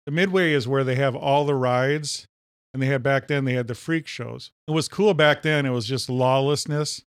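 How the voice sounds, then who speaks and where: A man from Minnesota who co-hosts a podcast and tells stories in a lively, joking way during a casual chat. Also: mid-range voice, normal speed, clear, resonant tone, no echo, studio quality. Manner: animated storyteller, jokey. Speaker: podcast co-host.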